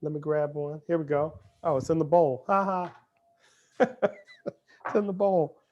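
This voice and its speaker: A man's voice: on the high side, unhurried, dull audio, soft background music. A man, a dad, hosting a live cooking lesson for kids, chatty and upbeat, talking straight to the children and their parents. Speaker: cooking show host.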